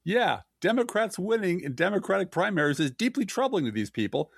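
A man's voice: high-pitched, very animated, a little fast, vocal fry, husky, dry recording, studio quality. A man co-hosting a casual political podcast, reading news quotes aloud with sarcastic asides. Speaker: podcast co-host.

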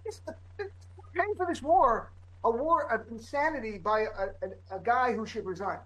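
A man co-hosting a political talk show as a comedian, talking in emphatic, heated bursts and rapid-fire lists. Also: very high voice, animated, fairly bright tone, rough recording. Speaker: comedian and co-host. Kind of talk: political commentary chat.

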